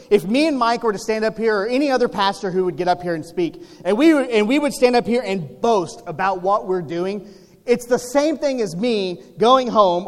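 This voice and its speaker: A man's voice: high voice, big-room sound. A man preaching a sermon as pastor, in a conversational style with rhetorical questions and humor.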